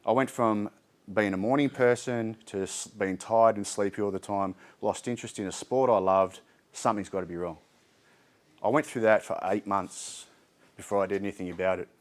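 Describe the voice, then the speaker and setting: A man's voice: on the low side, fairly even intonation, normal speed. A man with an Australian accent giving a candid, chatty community talk on mental health, with frequent ums and restarts. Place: indoor community hall.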